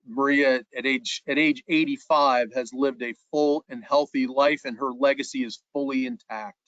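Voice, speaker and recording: A man's voice: medium pitch, a bit bright, no room sound, dull audio. A man giving an insurance sales presentation in a webinar, earnest and repeating words as he restarts his phrases.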